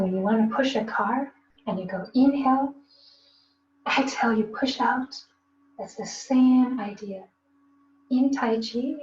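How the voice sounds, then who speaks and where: A woman tai chi instructor leading an online breathing lesson in a calm, coaching way, with demonstration gasps and laughs. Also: a little high. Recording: roomy, distant, dull, faint hiss.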